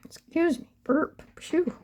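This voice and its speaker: A middle-aged woman paints a reborn doll in a casual crafting vlog, chatting to her viewers and repeatedly easing into a half-whisper while she works. She talks slowly, and her voice has a dark tone.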